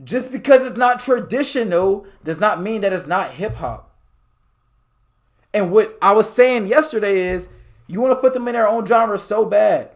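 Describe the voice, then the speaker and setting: A young man debating in a rapid, insistent, argumentative way. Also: high voice, lively intonation. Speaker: podcast host. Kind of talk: casual debate.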